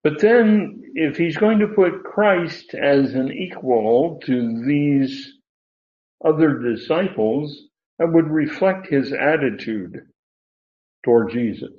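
In a tinny, phone-like recording with an echoey room, a man with a voice on the high side works slowly through a Bible passage verse by verse. He explains the Greek words with emphasis and corrects himself as he goes.

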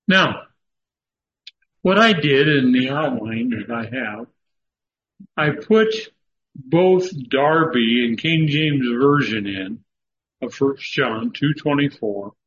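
A man teaching a Bible study lecture, halting often with fillers and stressing words for emphasis, on a dull lo-fi recording. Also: mid-range voice. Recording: dull lo-fi recording with faint noise.

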